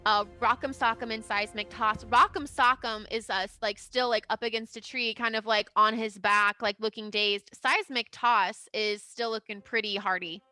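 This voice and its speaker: A woman's voice: on the high side, fairly even intonation, normal speed, hardly any pauses, bright, forceful tone, no room sound, soft background music. A young woman narrating a tabletop game as game master, chatty and full of fillers. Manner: chatty, lots of fillers, laughs often.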